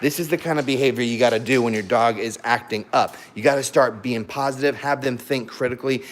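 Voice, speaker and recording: Young male vlogger, casual and animated, gets loud now and then, keeps stopping to scold his dogs. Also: mid-range voice, fairly quick. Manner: animated and loud at times, talks to his dogs mid-sentence. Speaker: vlogger, husky owner. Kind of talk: casual chat to camera.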